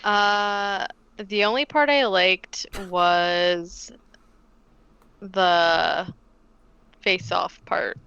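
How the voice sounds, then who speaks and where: A woman's voice: on the low side, steady tone, drawn-out words, creaky, pauses often, bright, forceful tone, clear, resonant tone, muffled recording. A woman in a casual podcast chat who rambles with lots of fillers and dry jokes.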